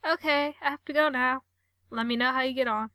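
Easygoing teasing brother, as a woman reads him, dry delivery, bright voice. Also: high-pitched, fairly even intonation, fairly quick, dry recording. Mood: offhand. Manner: offhand, dry, unbothered. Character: laid-back teasing younger brother.

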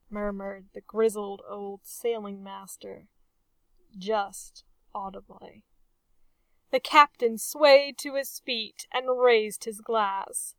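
A woman reading a nautical adventure story aloud as an audiobook narrator, in measured storytelling. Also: mid-range voice, steady tone, a bit bright, no room sound, distant mic. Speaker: audiobook reader. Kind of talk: scripted narration.

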